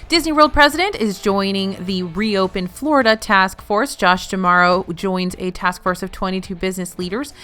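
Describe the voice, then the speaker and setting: A woman's voice: mid-range voice, a bit bright. A woman hosting a weekly news roundup, reading in a news-anchor style with playful asides. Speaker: news host.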